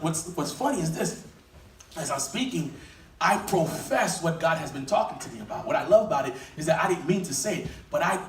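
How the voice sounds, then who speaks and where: A pastor preaching a sermon with animated energy that builds to shouting. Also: male voice, on the high side, recorded from a distance, a little hiss or hum. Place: church sanctuary. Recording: echoey hall recorded from afar.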